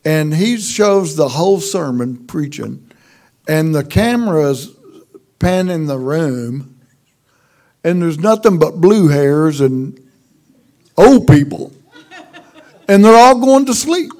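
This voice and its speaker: A man's voice: on the high side, animated, takes it slowly, long pauses, a little mellow. A middle-aged man with a Texan accent, a pastor telling folksy, self-deprecating stories in a humorous sermon. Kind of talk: sermon storytelling.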